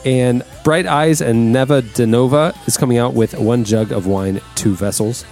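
A man's voice: medium pitch, a little mellow, faint music behind. Upbeat male podcast host. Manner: upbeat, laughs often, quick asides. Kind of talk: casual chat.

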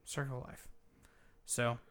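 A man co-hosting a gaming podcast, telling a long story in casual chat, swearing freely and acting out quotes as he goes. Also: a little slow. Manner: profane, animated storytelling with acted quotes. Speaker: podcast co-host.

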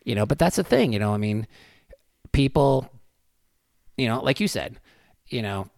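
A man's voice: medium pitch, very animated, moderate pace, gravelly, a little mellow, no room sound, clean studio sound. A man telling a story in casual podcast chat, rambling with many fillers and swearing freely.

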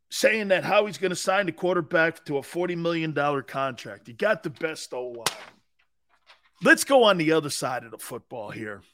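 A middle-aged man hosting a sports talk show, rambling loudly with frequent laughs between topics. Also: on the high side, no room sound, studio quality. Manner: loud, laughing, rambling banter. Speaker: sports radio host.

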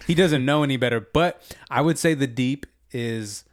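A man's voice: medium pitch, normal speed, no room sound, studio quality. A man chatting casually about a TV show, laid-back, saying "dude" and "man" and swearing freely. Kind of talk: casual chat.

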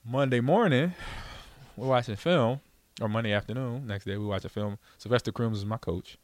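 At a moderate pace and medium pitch, with no room sound, a middle-aged former pro football player relaxes into a story. He acts out quoted voices with plenty of energy and keeps breaking into laughter.

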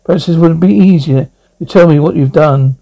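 A man voicing a calm older Catholic priest who speaks in a measured, gently stern way. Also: a little high, vocal fry.

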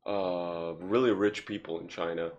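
A man's voice: deep voice, fairly even intonation, measured pace, dull audio. A man hosting a podcast in casual chat, rambling and profane with lots of fillers. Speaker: podcast host.

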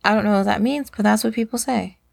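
A woman co-hosting a casual podcast chat, making dry, deadpan remarks. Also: medium pitch, fast, vocal fry, no echo. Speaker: podcast co-host.

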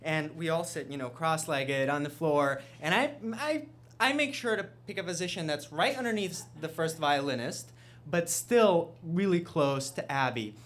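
A man from Russia telling a self-mocking story on stage before an audience, building to loud punchlines. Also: on the high side, moderate pace.

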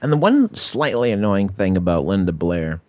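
A man co-hosting a podcast, chatting casually about a movie with many pauses and fillers. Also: sits low, sing-song, dry recording. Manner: hesitant, full of uh fillers, laughs easily. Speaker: podcast co-host.

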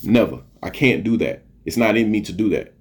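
A man's voice: on the low side, animated, fairly quick, darkish tone. Earnest man preaching self-worth. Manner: earnest, preachy, repeats phrases for emphasis; swears casually. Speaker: podcast host. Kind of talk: motivational monologue.

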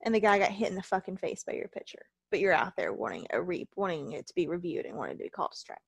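A woman's voice: fairly low pitch, big pitch swings, racing, vocal fry, few pauses, breathy edge, no echo. A tired, ill woman co-hosting a casual wrestling podcast, ranting heatedly and swearing a lot. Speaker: podcast co-host.

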